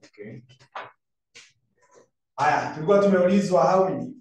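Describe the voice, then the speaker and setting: A man's voice: on the high side, normal speed, darkish tone. A man with a Kenyan accent teaching a revision lesson to a class, asking students questions and mixing in Swahili phrases. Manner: conversational, quizzes students, mixes in Swahili phrases. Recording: echoey room, far from mic, faint noise.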